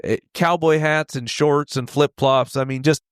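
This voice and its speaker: A man in his forties, a podcast guest telling rodeo stories in a casual, animated way, laughing often and acting out the voices of the people in them. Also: a little high, normal speed, clear, resonant tone, no echo, studio quality. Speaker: podcast guest, retired steer wrestler. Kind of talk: casual storytelling.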